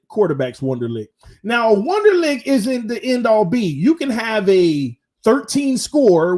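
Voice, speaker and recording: Lively high-voiced man talking sports. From Florida. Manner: animated, talks straight to viewers, slangy. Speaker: sports channel host. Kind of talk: casual live-stream sports talk.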